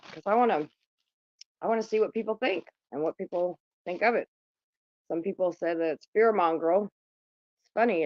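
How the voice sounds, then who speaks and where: A woman's voice: on the low side, dry recording, highs cut off. A woman hosting a casual livestream, chatting bluntly and with plenty of profanity to her viewers. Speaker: livestream host.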